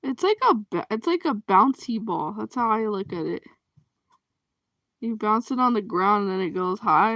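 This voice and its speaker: A woman hosting a casual livestream chat, reacting to comments, expressive and quick to laugh. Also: a little high, gravelly, no echo.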